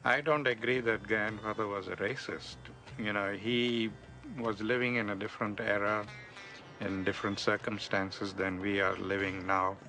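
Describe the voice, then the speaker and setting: A man answers interview questions calmly and with measure. His voice is low but bright and forceful. Faint music sits behind him. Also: moderate pace. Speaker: interviewee, a family member.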